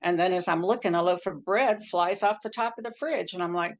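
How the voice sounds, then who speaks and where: Woman, low gravelly voice, earnest personal storyteller; dull lo-fi recording. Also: a little fast. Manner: earnest, acts out quoted speech with pitch jumps. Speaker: near-death experience storyteller.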